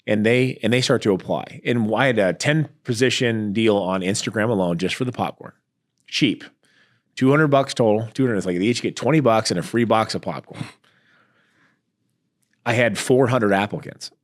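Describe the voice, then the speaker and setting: A middle-aged man, an entrepreneur guest in a casual business interview, talking in an animated way and acting out the exchanges he describes. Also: on the low side, moderate pace. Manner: animated storyteller, acts out quoted exchanges.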